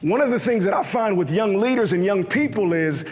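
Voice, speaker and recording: A man's voice: sits high, lively intonation, a little fast. A young man giving a motivational keynote, full of energy and leading the audience in call-and-response. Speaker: keynote speaker. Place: large hall with a live audience. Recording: echoey hall.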